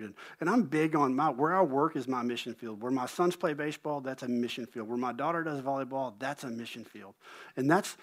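A middle-aged man preaching a sermon as pastor, an animated storyteller who pokes fun at himself and repeats words when he gets going. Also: mid-range voice, husky. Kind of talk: sermon with personal stories.

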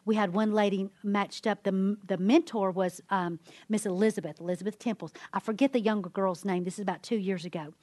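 Animated woman sharing testimony. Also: fairly quick, no echo. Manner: animated storyteller, acting out quotes in a high voice. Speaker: women's ministry speaker. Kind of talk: sermon-style testimony.

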